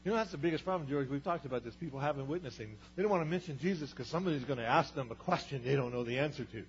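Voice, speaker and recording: Animated man teaching a Bible story. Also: mid-range voice, racing, lo-fi sound. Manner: animated, storytelling, rhetorical questions.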